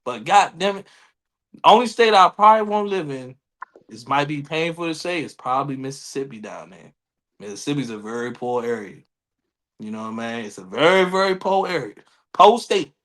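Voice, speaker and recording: Dc area guy, high bright voice, all over the place, swears a lot, doing loud voices of other people. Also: expressive, normal speed. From Washington DC area. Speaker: podcast co-host. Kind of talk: casual chat.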